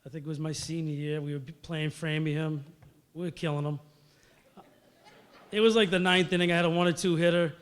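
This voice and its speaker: A man's voice: fairly high pitch, fairly even intonation, brisk, long pauses, clean tone, big-room sound. A middle-aged man gives an acceptance speech. He tells stories conversationally, with fillers, and acts out the quotes. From Massachusetts. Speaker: hall of fame inductee.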